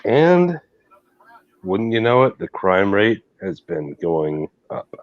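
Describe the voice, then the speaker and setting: A man's voice: fairly low pitch, big pitch swings, slow, muffled recording. A man chatting on a live stream, blunt, sarcastic and opinionated. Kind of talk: casual live stream chat.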